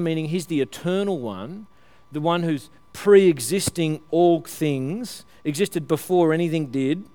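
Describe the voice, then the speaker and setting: A man gives a lively, conversational sermon in a smooth, resonant voice that sits a little high. He often restarts his phrases and talks straight to his listeners. The sound is close and dry. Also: no room sound. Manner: conversational, animated, with repeated restarts and light laughs. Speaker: preacher.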